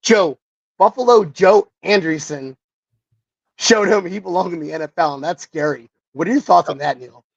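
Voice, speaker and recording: A man co-hosting a casual sports podcast, rambling and excitable, often correcting himself, heard over a remote call. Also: sits high, moderate pace, gravelly, dry recording. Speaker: podcast co-host. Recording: muffled dry remote call audio.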